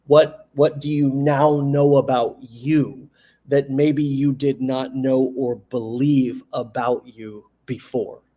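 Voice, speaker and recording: A man hosting an interview podcast, affirming his guest and asking slow, deliberate questions. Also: mid-range voice, steady tone, mellow. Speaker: podcast host.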